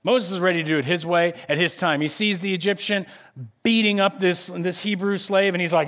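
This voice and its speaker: A man delivers a lively sermon, his voice sitting fairly high for a man. He swings into the voices of the people he quotes as he preaches. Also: moderate pace. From United States. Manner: animated, acts out quoted voices. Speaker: pastor.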